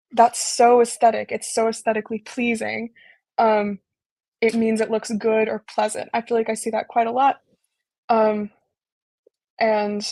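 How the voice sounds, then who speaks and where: A young woman giving a casual online talk, explaining slowly with lots of ums and likes. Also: on the high side, no echo. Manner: relaxed, filler-heavy explaining with frequent ums and likes. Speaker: embassy intern presenting a virtual talk. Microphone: video call.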